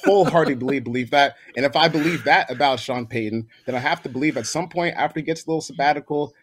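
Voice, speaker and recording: A man's voice: medium pitch, fast. Hesitant man in casual sports chat. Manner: hesitant, many fillers and repeated words. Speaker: podcast guest.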